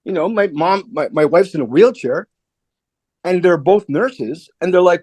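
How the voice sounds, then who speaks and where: A middle-aged man, a comedian guest, telling a personal story in a candid, animated way and acting out the voices of the people in it. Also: sits high, a little slow, no room sound. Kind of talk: casual interview storytelling.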